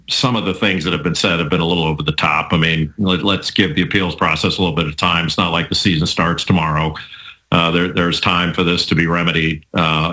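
Man, low voice, bright forceful tone, measured arguing, debate chat. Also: low-quality recording. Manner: measured, argumentative, many restarts.

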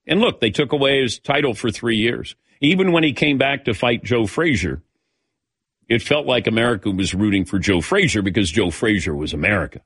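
A man's voice: mid-range voice, fairly bright tone, dry recording. An older man hosting a casual sports talk show, telling long stories and calling on his co-hosts by name. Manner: storytelling, calls on co-hosts by name. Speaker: host. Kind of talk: casual chat.

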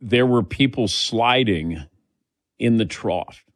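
Animated sports radio host, dry studio. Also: male voice, medium pitch, slow, dry recording. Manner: jokey, lively banter, takes calls. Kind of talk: casual sports talk radio. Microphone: studio mic.

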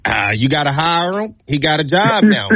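A man's voice: fairly high pitch, big pitch swings, moderate pace, bright, forceful tone, no echo, studio quality. A man hosting a call-in sports radio show, teasing and bantering with callers. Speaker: radio show host taking calls. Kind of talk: casual call-in sports talk.

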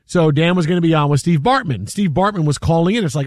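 Animated man telling a sports story. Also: on the high side, fast, no echo, studio quality. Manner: animated, acts out other people's voices. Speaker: sports radio host. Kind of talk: storytelling on a sports talk show.

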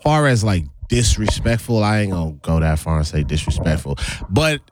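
Male talk host, casual and laid-back, lively pitch, leans on key words. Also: moderate pace, noisy background. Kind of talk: casual chat.

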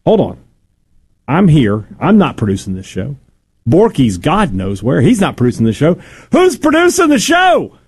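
A man's voice: medium pitch, normal speed. A man hosting a sports radio show from a studio, joking and bantering with his co-host. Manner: lively, joking, reads ads conversationally.

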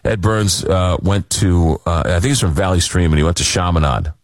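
A late-night call-in radio show host from Long Island, New York, tells rambling, self-deprecating stories in a casual chat. His voice is low and runs at normal speed. The radio studio recording is clean, with no room sound.

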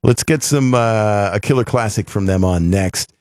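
A man's voice: fairly low pitch, normal speed, dry recording, clean studio sound. A man hosting a rock radio show, chatting casually and joking with his co-host. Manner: lively, joking banter.

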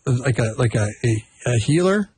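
A man's voice: medium pitch, animated, normal speed, darkish tone, a little hiss or hum. A man co-hosting a casual chat, rambling and correcting himself as he tells stories. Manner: rambling, self-correcting storyteller. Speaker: podcast co-host.

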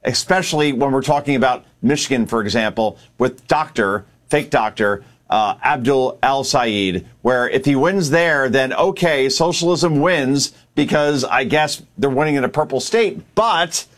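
A man's voice: mid-range voice, unhurried, hardly any pauses. A man commenting on politics in a panel discussion, emphatic and argumentative.

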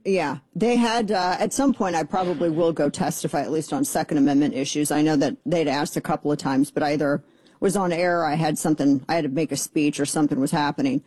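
A middle-aged woman hosting a political talk radio show, sarcastic and exasperated with quick asides. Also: sits low, darkish tone, slightly rough, no room sound.

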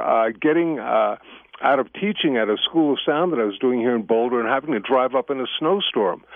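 A man's voice: medium pitch, no room sound. A man who is the guest on a radio talk show, telling stories in a chatty way and laughing easily. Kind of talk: casual radio interview. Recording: tinny phone line, dry.

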